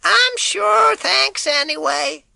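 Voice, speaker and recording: A man doing a boy's shrill fake old-lady voice. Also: animated, vocal fry, bright, forceful tone, dry recording, studio quality, exaggerated voice. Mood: flustered, bluffing. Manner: shrill, drawn-out calls. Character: boy faking an old woman's high voice.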